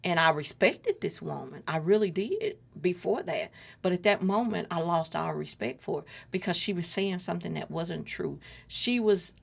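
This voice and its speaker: A woman's voice: lowish voice, lively intonation, normal speed, creaky, breathy edge. A middle-aged woman earnestly retelling a personal story as an interview guest, acting out the dialogue as she goes.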